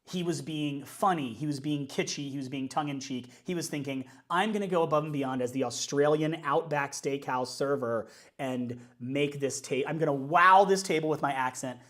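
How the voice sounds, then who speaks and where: A man's voice: medium pitch, a bit bright. A man, a worship leader, chatting casually and upbeat on a livestream while working things out aloud.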